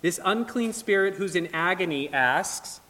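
A man preaching an earnest, emphatic sermon with dramatic pauses in a church. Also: high-pitched, animated, sharp tone. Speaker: pastor. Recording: long reverb of a large hall.

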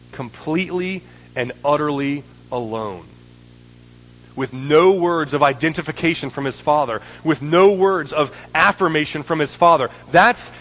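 A man's voice: on the high side, fairly bright tone, long reverb tail, low-quality recording. A man preaching a sermon in an earnest way, building in intensity and often checking in with "right?".

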